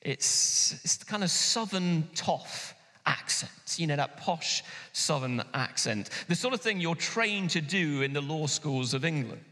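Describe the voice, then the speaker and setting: Guy preaching in a church hall, lively and emphatic, bright voice, big echo. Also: fairly high pitch. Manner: animated, emphatic preaching with sudden pauses and slowdowns. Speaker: pastor. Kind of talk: sermon. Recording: long hall reverb.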